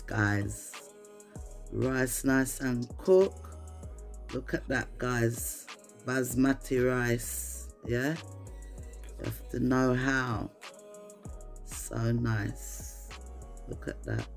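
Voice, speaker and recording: Very deep, gravelly, and dark in tone, this Jamaican-accented woman's voice carries a casual kitchen cooking demo, where as a vlogger she chats to viewers in patois-laced English.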